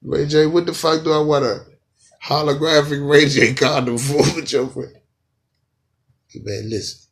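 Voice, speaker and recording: A man hosting a podcast, telling a comedic story in an animated, profane way. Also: on the high side, moderate pace. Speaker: podcast host.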